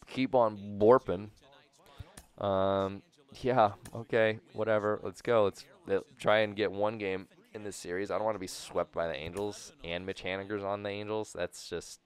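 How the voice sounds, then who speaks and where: A man giving casual, rambling commentary over a baseball video game, goofy with sudden excited outbursts. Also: fairly low pitch, moderate pace, smooth. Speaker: gaming YouTuber.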